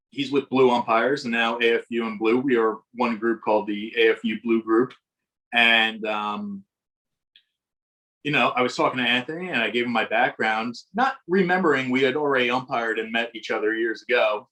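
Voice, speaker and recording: A middle-aged man speaking as a podcast guest. He tells stories from his working life in a reflective, rambling way and often restarts his sentences. His voice sits in an ordinary middle pitch. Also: lively intonation, moderate pace, a bit bright, rough recording. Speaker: podcast guest, baseball umpire. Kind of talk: casual storytelling in interview.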